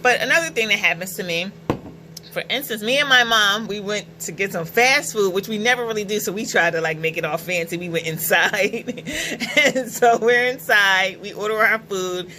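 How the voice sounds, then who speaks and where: A middle-aged woman tells personal stories straight to camera in a chatty, animated way, laughing as she goes. Her voice is bright and forward. Faint noise sits under the recording. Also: mid-range voice, moderate pace, low-quality recording. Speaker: vlogger. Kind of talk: casual storytelling vlog.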